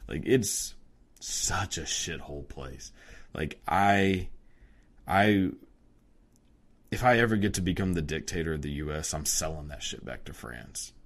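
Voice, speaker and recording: Deep-voiced man, crude rambling rant. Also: animated, a little slow, long pauses. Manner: crude, profane, rambling with many fillers. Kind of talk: casual rant.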